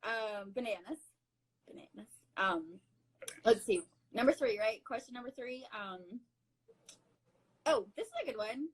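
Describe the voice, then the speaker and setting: A woman's voice: on the high side, a little slow, pauses often, slightly rough, poor audio. A woman hosting a live video interview, giggling a lot as she chats and reads out viewer comments. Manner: giggly, laughing often. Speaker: live stream host. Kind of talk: casual chat on a live stream. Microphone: phone or computer mic on a video call.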